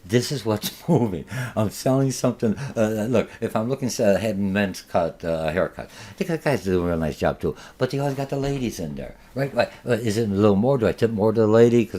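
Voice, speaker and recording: A male marketing instructor with a fairly low voice, delivering a lecture. He rambles conversationally, stops and restarts often, and acts out little examples as he goes. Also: brisk, few pauses, dark tone. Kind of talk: recorded lecture.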